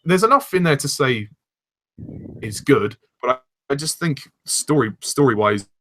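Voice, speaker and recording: A young man chatting casually as a fan reviewer, relaxed and agreeable, steering the conversation. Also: medium pitch, moderate pace. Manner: relaxed, agreeable, leads the discussion. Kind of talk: casual chat.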